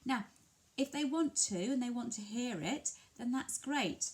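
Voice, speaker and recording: A woman's voice: on the high side, lively intonation, measured pace. Patient English woman guiding parents. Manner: gentle, patient, repeats words in a bright sing-song voice when modelling for children. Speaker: family centre early language worker. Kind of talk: instructional talk to parents, demonstrating a picture book.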